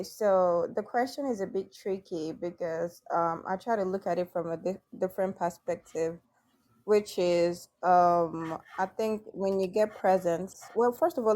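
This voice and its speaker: A woman's voice: medium pitch, darkish tone. A woman appearing as a guest on a casual show, talking reflectively and sometimes drawing out her words. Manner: reflective, often stretches words out slowly. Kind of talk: casual chat, sharing opinions.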